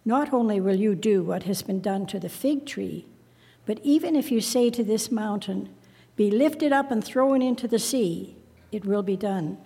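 Woman reading scripture, measured, warm slightly breathy voice, echoey hall. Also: medium pitch. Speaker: scripture reader.

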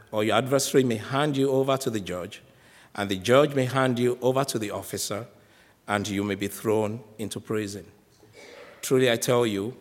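Male scripture reader, lowish voice, measured, reverberant hall. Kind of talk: scripture reading.

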